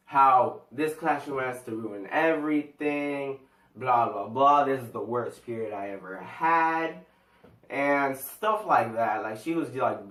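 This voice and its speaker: A man's voice: medium pitch, a bit bright, echoey room, far from the mic. A teenage guy telling a school story in a casual storytime vlog, rambling, slangy and full of fillers. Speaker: vlogger.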